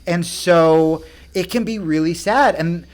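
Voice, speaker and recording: A man's voice: fairly high pitch, slow pace. A young adult man from the United States, a comedian guest telling rambling, profane stories full of fillers in casual chat. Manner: rambling, profane, animated anecdotes with many fillers.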